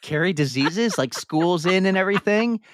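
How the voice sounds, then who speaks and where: Upbeat, chatty, higher-voiced man host. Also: expressive, moderate pace, dry recording, studio quality. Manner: upbeat, chatty, swears casually. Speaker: podcast host. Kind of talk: casual chat.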